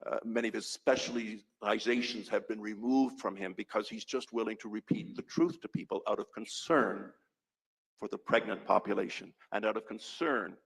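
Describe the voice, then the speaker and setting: Gravelly older man testifying earnestly. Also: on the low side, poor audio. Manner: earnest and emphatic, repeating key figures. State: a little out of breath. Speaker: physician giving testimony. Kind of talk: testimony at a public hearing.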